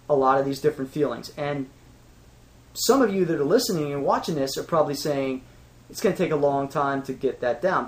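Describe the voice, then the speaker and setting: A man from Pittsburgh with a Pittsburgh accent, teaching awareness skills in a casual, self-assured, conversational way with frequent restarts. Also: on the high side. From Pittsburgh, United States. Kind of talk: casual spoken lesson.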